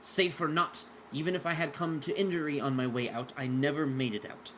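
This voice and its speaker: A man's voice: on the high side, steady tone, brisk, a bit bright, a little hiss or hum, natural voice. A man voicing an aggrieved male devil who insists his contract was broken, with a put-on Southern US accent. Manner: insistent, formal complaint.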